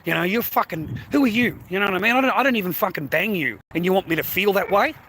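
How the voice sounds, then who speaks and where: A man rambles bluntly and profanely into his phone as he walks along a city street on a live stream. His voice sits high and sounds bright and sharp. Faint traffic noise hums behind him. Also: quick pace.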